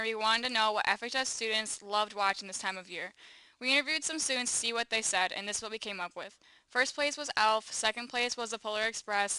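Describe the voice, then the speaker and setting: A teenage girl reading a holiday poem and presenting a school news segment at a measured pace. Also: fairly high pitch, pushed and bright, smooth, dry recording, rough recording. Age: teens. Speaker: student presenter. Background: music.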